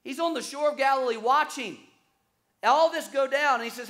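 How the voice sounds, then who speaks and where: A male pastor preaching a sermon, telling stories with lively acted-out quotes and quick repetitions. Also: very high voice. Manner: animated storytelling, acts out quoted voices; repeats words when excited.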